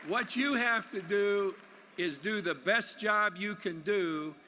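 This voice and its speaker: An older man giving a folksy, plainspoken commencement speech in a large arena, with halting restarts. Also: high-pitched, bright, forceful tone, some chatter behind, a little hiss or hum. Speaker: commencement speaker. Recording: long arena reverb.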